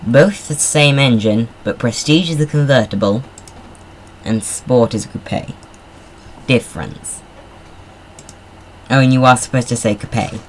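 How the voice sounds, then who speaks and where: A man's voice: medium pitch, unhurried, long pauses, slight background noise. A man giving casual, rambling commentary while playing a car design game. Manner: rambling, chatty, self-deprecating asides. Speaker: gamer.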